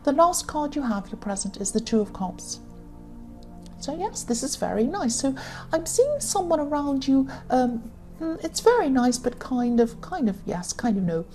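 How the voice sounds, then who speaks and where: Female tarot reader, higher pitch, warm tone, halting delivery that keeps correcting itself. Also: sing-song, faint music behind. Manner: halting, many fillers and self-corrections. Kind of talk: tarot reading to camera.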